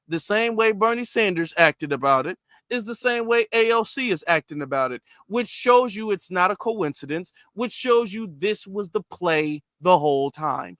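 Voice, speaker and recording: A man's voice: high voice, animated, normal speed, pushed and bright, no echo, clean studio sound. A man hosting political commentary, reacting to news clips and mocking politicians with a sarcastic edge. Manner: sarcastic, mocks politicians in mimicking voices.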